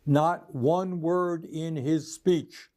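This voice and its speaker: An older male senator speaks earnestly, in a complaining tone, in a clip from a political speech. His voice is slightly high. The tone is soft and warm. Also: fairly even intonation, extremely slow.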